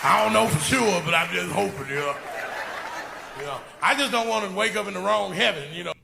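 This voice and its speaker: A man's voice: high voice, a little fast, vocal fry. A man doing stand-up comedy, laughing through his own jokes. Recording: echoey live venue with crowd noise.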